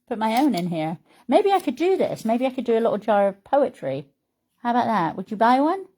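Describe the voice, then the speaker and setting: A woman's voice: on the high side, sing-song, a little fast, mellow. A middle-aged woman vlogger chatting casually to camera in a heartfelt, rambling way and reading her poems aloud.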